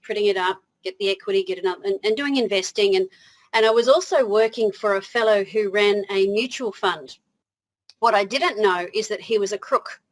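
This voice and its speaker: A woman's voice: medium pitch, rough recording. A woman with an Australian accent, a guest in an interview, telling her story in a chatty way, laughing easily and often restarting her sentences.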